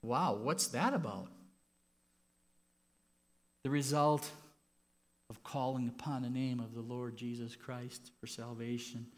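A man preaching a sermon as pastor in a church, moving from quiet, personal reflection to loud, impassioned stretches. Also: mid-range voice, slow pace, pauses often.

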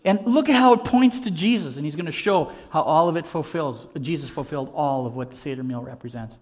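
A man's voice: fairly high pitch, brisk, darkish tone. Earnest man preaching a sermon. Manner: earnest, conversational preaching with rhetorical questions. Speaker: pastor.

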